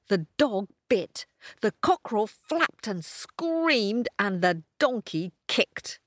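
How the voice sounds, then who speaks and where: Expressive woman storyteller for children, lively pitch, dry close sound. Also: no room sound. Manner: expressive, sing-song. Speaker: storyteller host.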